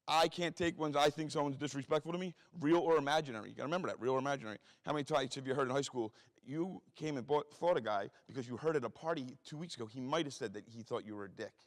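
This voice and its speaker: Fast-talking, profane man in a hall. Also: medium pitch. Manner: profane, blunt storytelling with acted-out quotes. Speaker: guest speaker. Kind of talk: storytelling talk to an audience. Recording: long hall reverb.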